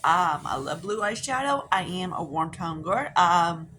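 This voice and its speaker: A woman's voice: lowish voice, expressive, a little slow, fairly bright tone, slight background noise. A young woman chatting casually while doing her makeup, rambling and swearing with lots of fillers. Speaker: beauty vlogger. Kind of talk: casual get-ready-with-me storytelling.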